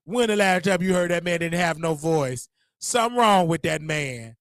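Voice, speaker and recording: A man's voice: fairly high pitch, moderate pace, no echo, clean studio sound. A man hosting a casual livestream, talking to his chat in a rambling, repetitive way with preacher-like call-outs. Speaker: livestream host.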